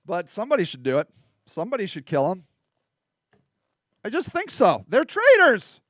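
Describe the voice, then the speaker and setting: A man's voice: high-pitched, very animated, normal speed, dry recording, studio quality. A middle-aged man hosting a casual political talk show, rambling and growing heated and emphatic as he rants. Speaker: livestream host.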